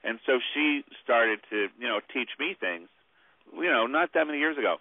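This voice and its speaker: This guest author, a man, tells his stories by phone in a meandering style packed with fillers. He has a medium-pitched voice with lively intonation and a moderate pace; the line sounds tinny and the recording dry.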